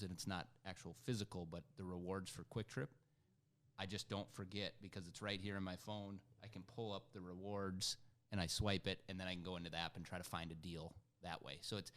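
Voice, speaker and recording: Low male voice for a podcast co-host; upbeat, casual chat. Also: brisk. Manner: upbeat, pitching ideas.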